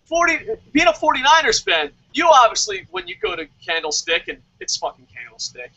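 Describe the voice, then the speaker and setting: A high, piercing wrestling superfan, as a man puts him on rants in mock outrage, swearing and sneering with every line. The voice is bright and cutting. The audio is dull and lo-fi. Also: very animated, fairly quick, gravelly, heavily acted. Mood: ranting. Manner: ranting, sarcastic, heavy swearing. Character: loud sarcastic adult male wrestling superfan. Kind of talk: comedic rant in character.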